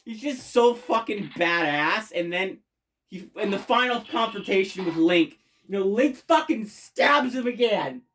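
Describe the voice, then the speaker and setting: This is a casual, rambling game review from an eager fan whose pitch sits in the middle range. The speaker swears nearly every sentence and keeps stumbling through fillers and restarts. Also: lively intonation, measured pace, a bit bright, a little hiss or hum. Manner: enthusiastic.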